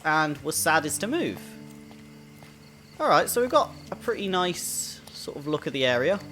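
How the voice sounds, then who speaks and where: A man's voice: on the high side, fairly bright tone. Jokey man commenting on a game. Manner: chatty, jokey, self-amused. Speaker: gaming video host. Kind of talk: casual let's-play commentary. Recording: voice over in-game music.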